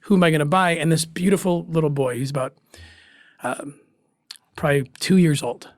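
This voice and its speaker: A man recounts his past fieldwork as a guest in an interview, his voice a little higher than most men's. He is earnest and emotional, pausing and starting over as he goes. The sound is dry and close, with no room around it. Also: dry recording. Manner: earnest and emotional, with restarts and pauses. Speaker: guest, former special agent. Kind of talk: personal story told in an interview.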